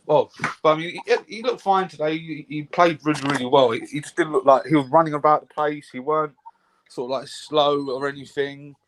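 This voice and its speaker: A man's voice: fairly high pitch, fairly even intonation, brisk, a bit bright, low-quality recording. A man chatting casually about football on a live stream, full of fillers and swearing. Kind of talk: casual banter.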